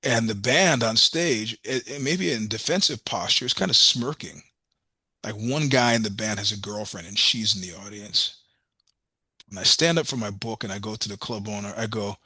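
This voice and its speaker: A man's voice: medium pitch, sharp tone, husky, no echo. A middle-aged man telling blunt, profane road stories in a casual interview, acting out both sides of each exchange. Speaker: podcast guest, musician.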